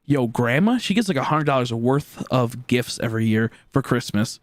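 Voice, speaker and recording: A man's voice: medium pitch, animated, normal speed, dry recording, clean studio sound. A man in his twenties telling a long story while streaming, rambling with many fillers and swearing. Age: 20s. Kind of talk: casual storytelling.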